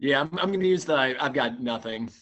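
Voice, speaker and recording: A man answers trivia questions in casual chat, hesitating and thinking out loud. His voice is bright and very animated. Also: medium pitch, quick pace, muffled recording. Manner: hesitant, thinks aloud with fillers and restarts. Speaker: quiz contestant.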